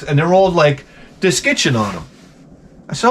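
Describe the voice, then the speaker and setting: Profane rambling vlog host, a man with a high, very lively voice. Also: normal speed, pauses often, slight background noise. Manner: rambling and crude, with loud outbursts. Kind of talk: profane comic storytelling.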